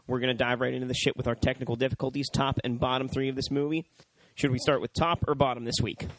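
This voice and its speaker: A man co-hosting a movie review show in casual chat, animated and profane, often mimicking characters in high voices. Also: fast talker, no echo, rough recording. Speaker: podcast co-host.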